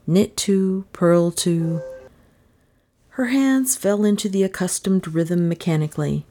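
A woman reading a mystery story aloud in an expressive, suspenseful narration. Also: lowish voice, slow pace. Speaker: audiobook narrator. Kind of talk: scripted narration.

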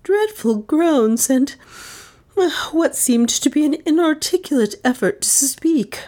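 A woman's voice: mid-range voice, wildly swooping pitch, voice pushed up. A woman voicing a proud, resolute older lady of the house who speaks decidedly. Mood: anxious. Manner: decided, brisk.

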